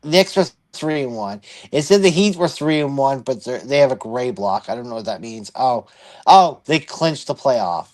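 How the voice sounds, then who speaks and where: A man's voice: medium pitch, expressive, normal speed, darkish tone. A man co-hosting a casual sports talk show, thinking aloud with frequent restarts and fillers. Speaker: podcast co-host.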